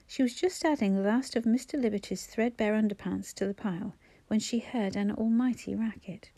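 A woman narrating an audiobook in an even, measured storytelling manner on a close mic. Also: mid-range voice, dry recording. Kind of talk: scripted narration.

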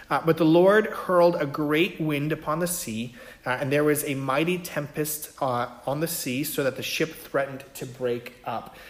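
A man giving a casual Bible teaching, talking conversationally and often checking in with his listeners. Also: mid-range voice. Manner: conversational, many fillers and "right?" checks. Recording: echoey room.

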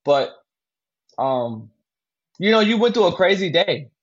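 A man's voice: high-pitched, very animated, a little slow, husky, dull audio. A man co-hosting a podcast, talking casually about a film and rambling with lots of fillers and restarts. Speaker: podcast co-host. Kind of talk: casual movie discussion.

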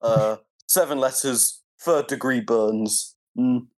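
A man's voice: mid-range voice, slow. A man co-hosting a podcast, chatting in an easygoing, giggly way. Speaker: podcast co-host. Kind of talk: casual chat.

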